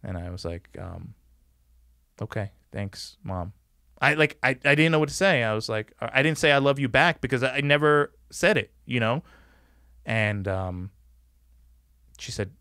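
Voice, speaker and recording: This man in his forties guests on a podcast, telling meandering stories from his life with plenty of "like" and acted-out quotes in a casual interview. His mid-range voice is animated, bright and forceful, at a moderate pace with frequent pauses, in studio quality with no echo.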